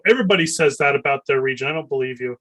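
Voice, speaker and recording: A man from Michigan jokes and teases animatedly in a casual panel chat. His voice sits at an ordinary middle pitch. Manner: animated, joking, quick to tease. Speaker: illustrator panelist.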